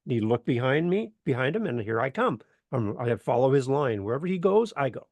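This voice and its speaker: A man from Canada, a podcast guest telling a lively story and acting out the voices in it. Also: mid-range voice, brisk, dry recording. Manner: animated, acts out voices in anecdotes. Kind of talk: enthusiastic storytelling in interview.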